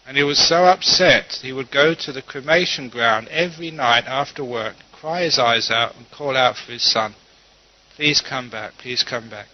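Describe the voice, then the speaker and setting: Calm man giving a dharma talk. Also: mid-range voice, moderate pace, few pauses. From London. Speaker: Buddhist monk teacher. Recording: dull lo-fi recording.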